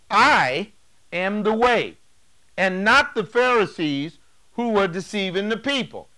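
Male pastor, sermon, emphatic preaching, high voice, forceful tone. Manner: emphatic preaching, rising to loud declarations. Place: church sanctuary.

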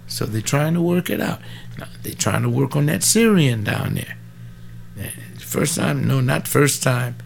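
Fervent and rambling, a seventy-something man delivers an informal sermon full of folksy asides and abrupt emphatic bursts. He speaks at a medium pitch with vocal fry, and there's slight hiss or hum.

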